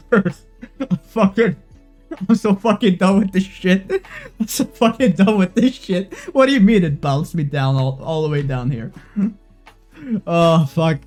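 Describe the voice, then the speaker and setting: A live streamer giving loud, profane gaming commentary, excitable and quick to swing between giddy and exasperated. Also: medium pitch. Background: faint background music.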